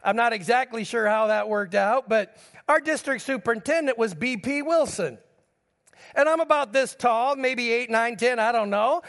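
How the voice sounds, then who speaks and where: High-voiced preacher in a reverberant hall. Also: male voice, moderate pace, fairly bright tone. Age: middle-aged. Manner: storytelling preacher addressing the congregation directly. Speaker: pastor. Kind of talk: sermon.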